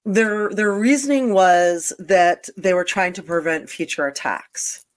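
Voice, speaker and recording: A woman's voice: lowish voice, a little slow. A woman hosting a talk show, chatting casually with many fillers and restarts. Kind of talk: casual chat.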